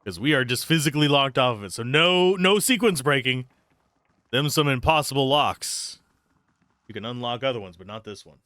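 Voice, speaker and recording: A man streaming a game from home, talking casually with a lively, bouncing pitch. He reads on-screen text aloud between remarks. The sound is close and dry, straight into a desk mic. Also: quick pace, few pauses, no echo. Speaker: let's play streamer. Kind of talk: casual gameplay commentary.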